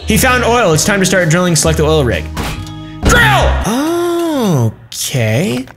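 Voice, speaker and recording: A man's voice: sits high, very animated, brisk. A young man giving casual, crude, joking commentary while playing a game, swearing often. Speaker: gaming YouTuber. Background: game music.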